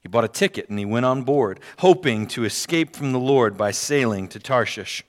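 A man's voice: medium pitch, animated, normal speed. A man preaching a sermon, reading scripture aloud and repeating key phrases for emphasis. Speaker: pastor. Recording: long hall reverb.

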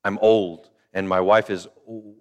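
Older pastor with a low voice. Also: male voice, level tone, measured pace. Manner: conversational, acts out quoted voices, repeats phrases. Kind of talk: sermon.

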